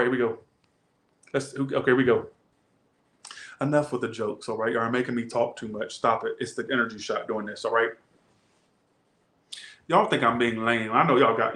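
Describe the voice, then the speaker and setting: Blunt joking Southern man, echoey room. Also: medium pitch. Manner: animated, blunt, joking, swears freely. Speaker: tarot reader. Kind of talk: casual tarot reading.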